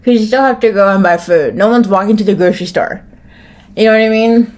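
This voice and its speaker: A woman's voice: mid-range voice, fast talker, a little mellow. American woman ranting on her own podcast, swears a lot, rambly, says like constantly. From United States. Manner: rambling, profane, restarts and many "like"s. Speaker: podcast host. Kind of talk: solo podcast rant.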